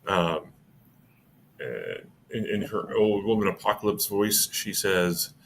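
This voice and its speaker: A man narrating a tabletop game as game master, with a low, bright, forceful voice. He rambles and corrects himself mid-sentence. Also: animated, slow, vocal fry, a little hiss or hum.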